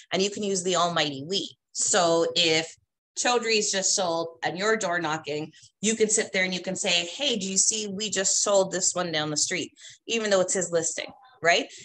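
A woman's voice: lowish voice, a bit bright. A woman, a real estate trainer, teaching agents in a chatty, emphatic way and tagging her points with "right?". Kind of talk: instructional talk to agents.

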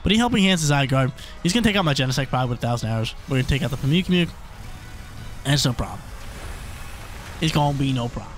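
Excitable man commentating a game battle. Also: medium pitch, very fast, pauses often, soft background music. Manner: excitable, chatty, thinks out loud. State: coughing, throat irritated. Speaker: gaming channel host.

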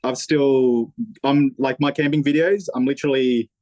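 A man's voice: mid-range voice, steady tone, normal speed, a little mellow, no room sound, rough recording. Rambling Australian man, dry close sound. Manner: rambling, many restarts and fillers, laughs often. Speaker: podcast guest, motorcycle YouTuber. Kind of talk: casual chat.

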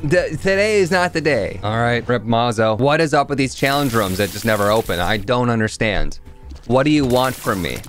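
A man hosting a gaming channel, giving chatty let's play commentary with sudden excited yelps. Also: mid-range voice, moderate pace, soft background music.

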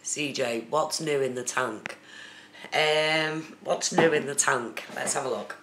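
Chatty streamer in an echoey room. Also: female voice, extremely low pitch, slow pace. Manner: chatty, reads viewer comments aloud. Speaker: live streamer. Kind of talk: casual live-stream chat. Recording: echoey room with faint noise.

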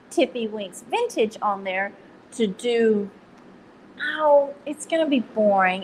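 A woman's voice: on the high side, a little hiss or hum, rough recording. A woman with a Texan accent hosting a casual live stream, chatty and self-deprecating, laughing at her own slips. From Texas.

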